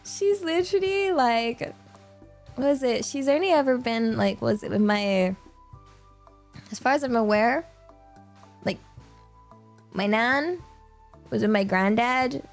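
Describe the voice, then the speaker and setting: A young British woman with a creaky, medium-pitched voice chats casually on a livestream. She rambles, using lots of filler words and laughing often.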